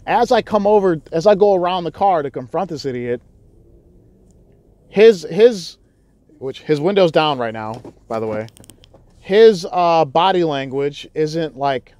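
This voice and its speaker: A man telling a vlog story in a loud, heated, profane way, with frequent restarts. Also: a little high, lively intonation, a little slow, pauses often, dry recording. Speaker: YouTuber. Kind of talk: casual vlog recounting.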